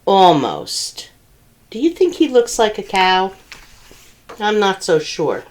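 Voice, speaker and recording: A woman's voice: mid-range voice, slow pace. A woman librarian reading picture books aloud at a children's storytime, asking the children questions. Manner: animated, asks children questions.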